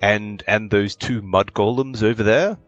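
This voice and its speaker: A man's voice: on the low side, measured pace, a bit bright, dry recording, lo-fi sound, soft background music, pitched above the performer's own voice. A man voicing a dignified middle-aged male wood elf noble who speaks courteously and formally. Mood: polite, composed.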